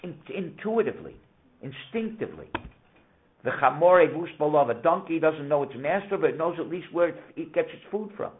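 A man teaching a casual Torah lesson, telling stories with animated, emphatic questions. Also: a little high, fairly quick. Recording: tinny phone-like sound.

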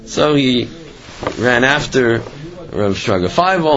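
A man's voice: mid-range voice, dull audio, soft background music. Man telling stories in a lecture. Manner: conversational, halting, many fillers. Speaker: Torah teacher telling stories. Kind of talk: storytelling lecture.

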